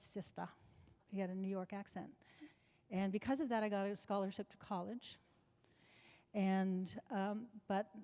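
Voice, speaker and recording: A slightly mellow, mid-range female voice belongs to a woman in her seventies being interviewed live before an audience. She tells long, chatty anecdotes with many restarts, and the large club function room gives the recording a reverberant, hall-like sound.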